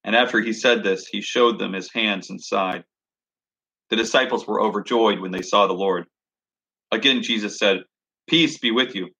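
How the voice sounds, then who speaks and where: A man's voice: on the low side, steady tone, normal speed, pushed and bright. A man preaching a sermon, reading scripture aloud and reflecting on it in an earnest, thoughtful way. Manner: earnest, reflective, reads scripture then expounds.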